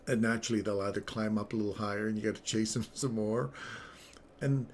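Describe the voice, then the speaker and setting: A man's voice: fairly low pitch, fairly even intonation, a little fast, slight background noise. A man telling a rambling story on a live trading stream, chuckling between phrases.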